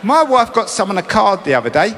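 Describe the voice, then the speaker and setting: A man's voice: high voice, very animated, a little fast, a bit bright. A man performing a stand-up comedy routine, telling a story with swearing and acted-out panicky quotes, in a large live venue. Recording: echoey hall with ambient noise.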